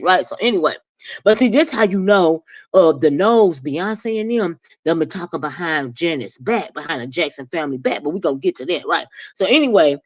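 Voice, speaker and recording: A woman's voice: a little fast, no room sound. Sassy woman dishing celebrity gossip. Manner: sassy and animated, jumps high when acting out reactions. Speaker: gossip commentary host. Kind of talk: casual celebrity gossip chat.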